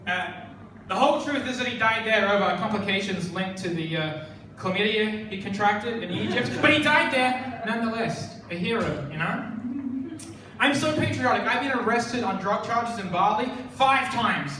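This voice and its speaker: Young aussie guy doing deadpan standup, boomy club echo, noisy. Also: moderate pace. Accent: Australian. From Fremantle, Western Australia. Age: 20s. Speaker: stand-up comedian. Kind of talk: stand-up comedy set. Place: comedy club stage. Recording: echoey club, distant mic, noisy.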